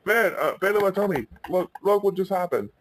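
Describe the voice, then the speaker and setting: A man voicing Talking Ben, an excitable cartoon dog, in a raised, eager voice. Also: brisk. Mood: excited, pleading. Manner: excited, pleading, raised pitch.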